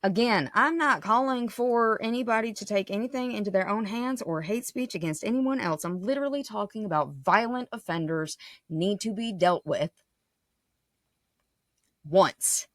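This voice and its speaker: A woman's voice: medium pitch, normal speed, no echo. Passionate woman podcaster, dry sound. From United States. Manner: passionate, frequent "right?" tags. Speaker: podcast host. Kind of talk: casual monologue.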